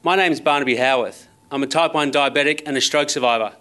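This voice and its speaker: Speaking at a quick pace with a sharp tone and a mid-range pitch, a thirty-something Australian motivational speaker addresses a conference from the stage. His keynote weaves in personal stories told casually, with a wry, self-deprecating edge.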